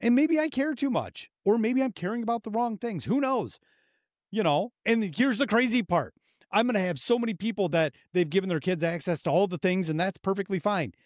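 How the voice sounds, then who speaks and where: Male co-host, 30s, lively pitch, profane, animated storyteller, dry close mic. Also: fairly quick, dry recording. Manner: heavy swearing, animated storytelling with acted quotes. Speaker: podcast co-host. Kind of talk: casual uncensored podcast chat.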